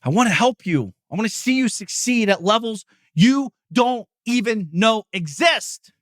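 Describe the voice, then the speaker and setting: Intense, profane middle-aged man, high and bright. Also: animated, measured pace, no echo, studio quality. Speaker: podcast host. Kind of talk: motivational monologue.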